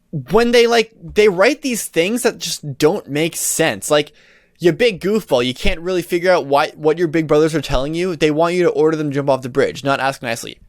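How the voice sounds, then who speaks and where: A man's voice: on the high side, dry recording, studio quality. A young man hosting a solo podcast, ranting in an exasperated, rambling way with lots of restarts and swearing. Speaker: podcast host. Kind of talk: casual solo podcast rant.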